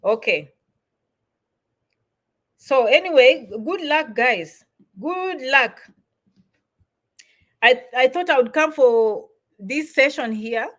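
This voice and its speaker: A middle-aged woman hosting a live stream, chatting warmly with viewers and giving immigration advice. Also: high-pitched, expressive, slow, long pauses. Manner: warm, repetitive shout-outs, chatty.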